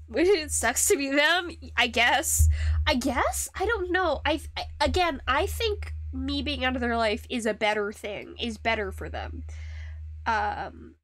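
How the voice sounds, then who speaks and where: High-voiced young woman chatting on stream. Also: expressive, slow pace, fairly bright tone, no echo. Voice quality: high-pitched voice. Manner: rambling, with restarts and frequent laughs. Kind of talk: casual chat while woodcarving on stream. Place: home streaming setup.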